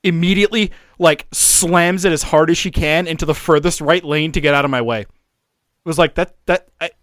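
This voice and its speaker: A man's voice: fairly high pitch, a little fast, fairly bright tone, dry recording, clean studio sound. A man from Calgary chatting casually, swearing often and restarting his sentences. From Calgary, Canada. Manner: swears a lot, stumbling restarts. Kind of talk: casual chat.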